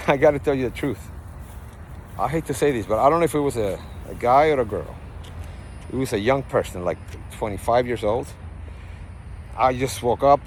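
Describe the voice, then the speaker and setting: A man from Puerto Rico with a Puerto Rican accent, vlogging to his phone in a parking lot in a rambling, animated way, full of asides. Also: mid-range voice. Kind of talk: casual vlog talk. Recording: faint outdoor traffic noise.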